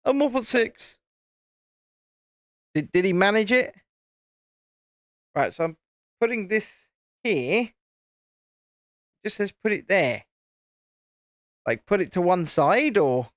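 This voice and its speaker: A man's voice: sits high, sing-song, takes it slowly, long pauses, no room sound, clean studio sound. Chatty man on a live stream. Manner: chatty, teasing, self-deprecating. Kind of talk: casual live-stream chat while building.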